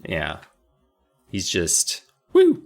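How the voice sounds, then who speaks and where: A man's voice: deep voice, wildly swooping pitch, drawn-out words, gravelly, darkish tone, faint music behind. A man co-hosting a podcast, recapping a book in casual, rambling, jokey chat with some swearing. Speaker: podcast co-host.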